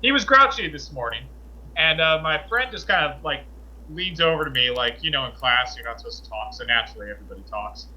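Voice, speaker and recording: Bright-voiced man telling college stories. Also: medium pitch, quick pace, highs cut off. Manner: animated, indignant retelling with acted quotes. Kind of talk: casual storytelling chat.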